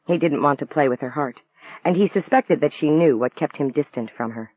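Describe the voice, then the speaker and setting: A man narrating an audiobook novel in a calm, even storytelling voice. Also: fairly high pitch, a little fast, slightly rough, dry recording. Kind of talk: scripted narration. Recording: dry, tinny phone-like sound.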